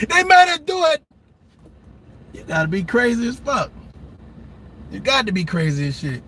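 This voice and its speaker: A man doing a loud, profane comedic rant, laughing often and slipping into mock voices. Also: very high voice, wildly swooping pitch, a little slow, slight background noise. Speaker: comedic commentator.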